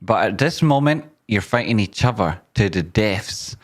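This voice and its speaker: A man's voice: on the low side, lively intonation, moderate pace. Man joking through a live stream. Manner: joking, teasing, reads viewer comments aloud; hypes up a guess-the-tune game. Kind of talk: casual live stream chat.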